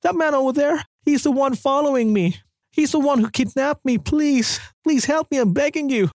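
A man's voice: normal speed, darkish tone, dry recording, studio quality. A man voicing a frightened eight-year-old girl who sobs and pleads. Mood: pleading. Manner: sobbing, pleading, high.

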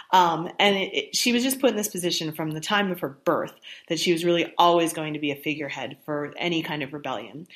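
A woman's voice: on the low side, fairly bright tone. A woman explaining history in a casual, conversational way, with fillers and self-corrections. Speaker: history presenter.

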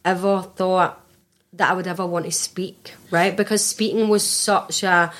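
A young woman with a Glaswegian accent, chatting quickly and openly as a podcast guest, full of fillers and restarts. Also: fairly low pitch, fairly even intonation, a bit bright. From Scotland. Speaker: life and business coach, guest. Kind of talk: casual podcast conversation.

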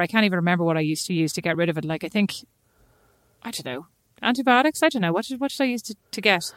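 A woman co-hosting a podcast, telling a story in animated, chatty talk. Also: medium pitch, fast, no echo. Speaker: podcast co-host. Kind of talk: casual chat.

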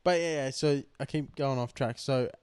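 A man's voice: medium pitch, normal speed, darkish tone, clear, resonant tone, no room sound. A man co-hosts a casual podcast chat in an ordinary middle-range voice. He rambles, fills gaps with "like" and swears freely. The recording is dry and close, with no room sound. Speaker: podcast co-host.

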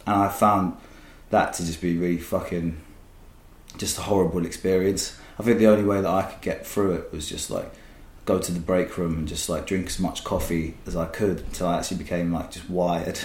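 A man's voice: low voice, fairly even intonation, brisk, echoey room. A man casually telling stories as a podcast guest, rambling and swearing freely. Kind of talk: casual storytelling.

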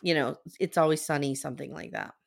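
A woman's voice: sits low, fast, vocal fry. A woman hosting a podcast, recapping a TV episode in casual chat and acting out lines from it. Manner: animated, acts out quotes from the episode. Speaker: podcast host.

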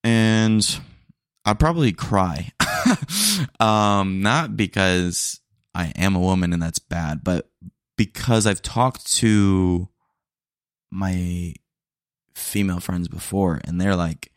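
A man's voice: low voice, slow pace, long pauses, clean tone, no room sound, studio quality. A young man hosting a solo podcast, talking in a candid, rambling way with casual slang and small jokes. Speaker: podcast host.

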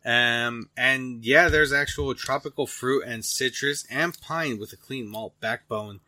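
Man, podcast co-host, bright tone, dry close sound, rambling, swears casually. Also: medium pitch, no echo. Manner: rambling, profane, quick to joke. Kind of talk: casual beer-tasting chat.

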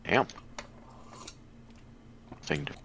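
A man's voice: very slow, background noise. A young man co-hosting a podcast, tossing in short quips and laughing often. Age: young adult. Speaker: podcast co-host. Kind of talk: casual pop-culture chat.

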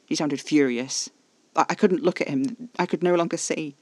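A man's voice: fairly high pitch, normal speed, few pauses, no echo. A man giving tense, intimate first-person narration of a horror audio drama.

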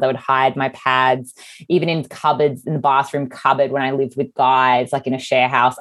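A woman with an Australian accent co-hosting a podcast, talking frankly and with animation, often restarting her sentences. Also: a bass voice. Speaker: podcast co-host. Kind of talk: casual chat.

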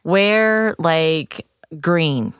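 A woman's voice: fairly low pitch, expressive, very slow, clear, resonant tone, no room sound, studio quality. An older woman co-hosting a podcast, chatting casually and giving tips to listeners. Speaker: podcast co-host.

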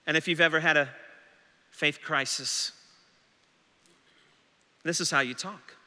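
A man's voice: a little high, normal speed, pauses often, bright, forceful tone, in a large hall. A male senior pastor preaching a dramatic sermon, acting out the anxious questions of doubting disciples. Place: church sanctuary.

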